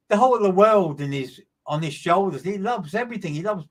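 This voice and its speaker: A man with a somewhat high voice delivers a live streamed mediumship reading. He talks in an emphatic, repetitive manner, circling back over the same phrases and calling out listeners by name. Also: expressive, fairly quick, few pauses.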